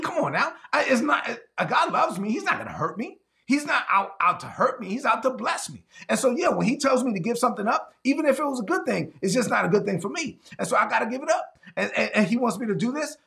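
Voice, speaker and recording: High, gravelly-voiced man preaching. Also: sing-song, bright, forceful tone. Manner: emphatic, repeats key lines slowly for effect; acts out quick back-and-forth dialogues. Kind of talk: sermon.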